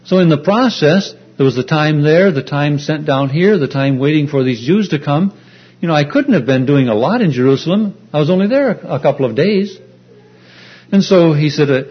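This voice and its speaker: A man preaching an earnest, explanatory sermon, pausing often with fillers as he retells a story. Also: on the high side, expressive. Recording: dull lo-fi recording.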